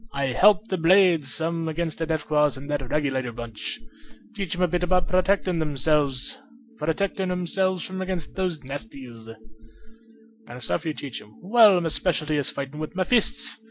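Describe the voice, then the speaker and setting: A man's voice: fairly high pitch, animated, fairly quick, hardly any pauses, fairly bright tone, voice pushed up. A man putting on a burly brogue-talking fistfighter. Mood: boastful. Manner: put-on Scottish-style brogue. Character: burly older male brawler trainer, gruff.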